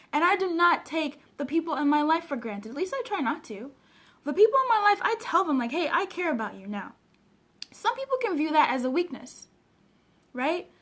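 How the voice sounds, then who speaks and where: A woman from Africa with a high, bright voice, talking earnestly and emotionally on a casual live stream. She coaches people on personal development and answers her viewers' comments straight to the camera, recorded at home on a webcam.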